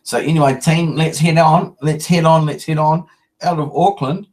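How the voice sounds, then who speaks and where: A man with a New Zealand accent talking in a loose, slangy live-stream chat. His voice sits a little high for a man, and he rambles easily and restarts sentences as he goes. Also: steady tone, normal speed, a little mellow, low-quality recording. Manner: laid-back, slangy and rambling, with many restarts.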